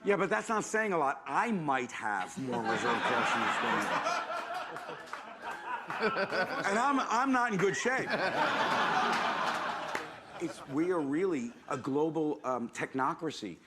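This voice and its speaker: A man's voice: a little high, big pitch swings, a little slow, long pauses, very noisy. A man on a comedy panel, making his points emphatically in a ranting manner and swearing freely. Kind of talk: casual panel chat.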